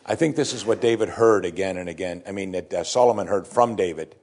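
A man's voice: low-pitched, fast talker, a little mellow. A man preaching a sermon as pastor, emphatic, repeating key phrases with strong stress.

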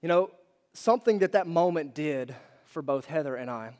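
A male pastor in his thirties preaching a sermon, telling a personal story in a conversational, animated way with asides to the congregation. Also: on the high side, moderate pace. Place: church hall. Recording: long hall reverb.

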